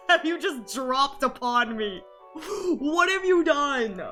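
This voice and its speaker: Young woman streaming, high bright voice, nervous giggly chatter, slow talker, faint music under it. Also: expressive. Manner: playfully anxious, giggly, talks to chat. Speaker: art streamer. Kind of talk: casual live-stream chat.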